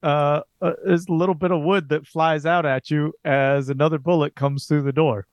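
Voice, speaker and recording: Brief: male game master, halting narration, highish voice, dry recording. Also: little pitch movement, no room sound. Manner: hesitant, many fillers while describing scenes. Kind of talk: narrating a tabletop horror game.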